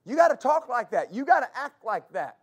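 High-pitched fervent male pastor preaching. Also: sing-song, brisk, husky. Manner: fervent, repeats phrases, stammers on restarts; call-and-response with congregation. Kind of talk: preaching a sermon.

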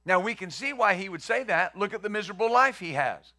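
A man's voice: high-pitched, lively intonation, fairly quick, sharp tone. A male pastor preaching a conversational sermon, acting out the quotes he reads and the questions he poses.

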